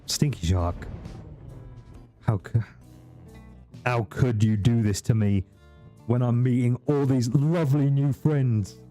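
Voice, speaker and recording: A man's voice: medium pitch, steady tone, slow pace, pauses often, dark tone, soft background music. A man live-streaming a video game, chatting casually with viewers, swearing often and teasing in mock-grumpy banter. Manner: greets and chats with viewers while playing.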